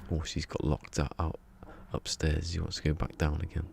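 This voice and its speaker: Streamer, rambling and chuckly, low voice, faint background hiss. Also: male voice, monotone, normal speed, gravelly. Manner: rambling, chuckling, talks to himself while building. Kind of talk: casual gaming stream chat. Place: home room.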